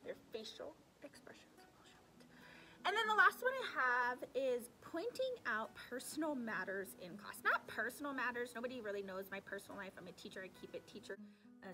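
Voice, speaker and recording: A young woman, a sixth-grade teacher, talking casually to camera with advice and acting out her students' voices. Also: on the high side. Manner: animated, acts out her students' voices, drops into asides.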